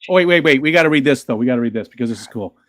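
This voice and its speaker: A man's voice: medium pitch, animated, very fast, a bit bright, dry recording, studio quality. A man co-hosting a casual livestream chat, joking and reading viewer messages aloud. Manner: jokey, quotes movies, reads chat aloud. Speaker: livestream co-host.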